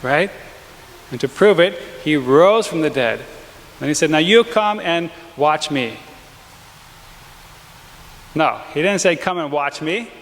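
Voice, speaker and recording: Gravelly-voiced man preaching in a church. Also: a little high, slight background noise. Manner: energetic, conversational preaching with frequent asides and laughs. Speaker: pastor. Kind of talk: sermon. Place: large church. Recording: long hall reverb in church.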